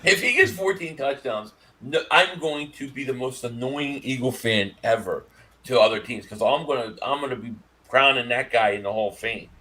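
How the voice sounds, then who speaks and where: A man co-hosting a casual sports podcast, joking and animated, trailing off with fillers. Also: medium pitch, moderate pace, slight background noise. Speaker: podcast co-host.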